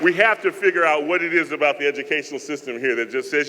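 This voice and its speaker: Bright-voiced man speaking in a big hall. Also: on the high side, steady tone, quick pace, hardly any pauses. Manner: conversational, joking, earnest. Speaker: guest speaker. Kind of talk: speech to cadets. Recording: echoey hall with mains hum.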